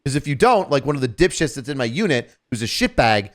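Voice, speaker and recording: A man in his thirties co-hosting a podcast, telling a story in a casual, profane, animated way that turns loud and exasperated. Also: medium pitch, quick pace.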